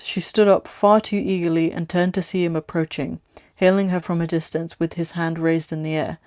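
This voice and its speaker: A woman reading her own story aloud with steady, plain narration. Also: on the low side, normal speed, dry recording, clean studio sound.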